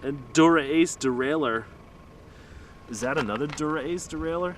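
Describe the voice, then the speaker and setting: A man chatting to the camera while trash picking outdoors at night, excitable, through a small camera-mounted mic. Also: fairly high pitch, moderate pace, a little hiss or hum. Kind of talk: casual vlog narration.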